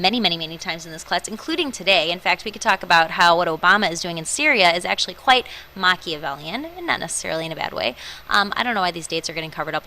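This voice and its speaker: A woman's voice: fairly low pitch, sharp tone, slight background noise, poor audio. A woman teaching a history lesson over slides, chatty and playful, with self-deprecating asides. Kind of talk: recorded classroom lecture over slides.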